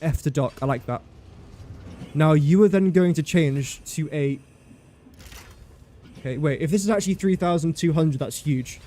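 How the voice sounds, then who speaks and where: A man's voice: fairly high pitch, moderate pace, long pauses, mellow. A man streaming live gameplay commentary, thinking aloud in a chatty way, talking to his game and to viewers in chat.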